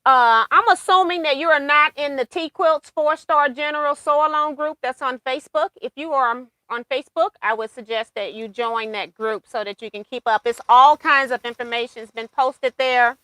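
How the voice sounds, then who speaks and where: A woman's voice: high voice, normal speed, few pauses, pushed and bright, no echo. A woman hosting a casual quilting livestream, chatting and laughing as she reads viewer comments aloud.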